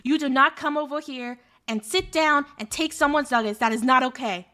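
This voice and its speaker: A woman voicing a tough, gum-chewing street girl who yells aggressively. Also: high voice, moderate pace. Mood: threatening. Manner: aggressive yelling, confrontational.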